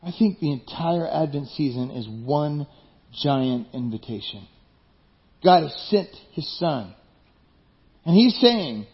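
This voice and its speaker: A man's voice: a little high, lively intonation, moderate pace, dull audio. A male pastor preaching a conversational sermon, joking and asking the listeners questions.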